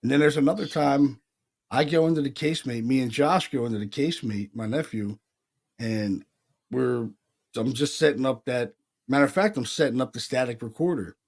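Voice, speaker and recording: A man's voice: mid-range voice, normal speed. A man from Pennsylvania co-hosting a paranormal podcast, telling stories loosely, acting out the voices he heard and swearing casually. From Pennsylvania, USA. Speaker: podcast co-host, paranormal investigator. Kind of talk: casual chat.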